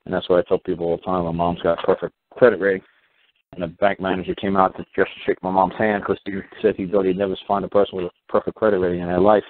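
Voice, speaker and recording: A man's voice: deep voice, level tone, fast talker. A man hosting a call-in radio show, telling blunt, rambling stories and swearing casually. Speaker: call-in talk show host. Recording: tinny phone-line radio audio with faint hiss.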